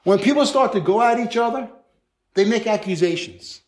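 A male pastor preaching a sermon in an animated, conversational way, with playful acted asides. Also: sits high, a little fast.

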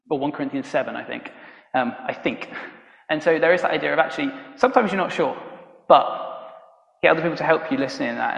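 A man delivers a sermon in a relaxed, halting way, full of ums and self-corrections. His voice sits a little above the usual male range. It rings through a large hall with a long, echoing reverb. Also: fairly high pitch. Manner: conversational and halting, many ums and restarts, laughs at own stories. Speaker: preacher.

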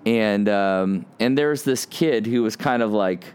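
A man in his forties giving an earnest podcast sermon, often restarting his sentences and building to animated emphasis. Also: fairly low pitch, measured pace, clean tone. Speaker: podcast pastor.

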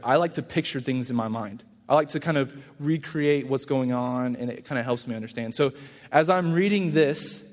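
A man pastor giving a casual, conversational sermon and acting out quoted lines in lively voices. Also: medium pitch, big-room sound.

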